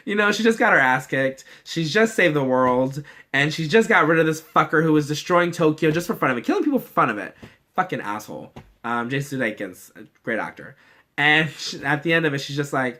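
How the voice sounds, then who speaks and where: Gushing, bright-voiced young man. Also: fairly high pitch, a little fast. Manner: gushing, expressive, swears freely, acts out quoted voices. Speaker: vlogger reacting to a movie trailer. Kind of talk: casual chat.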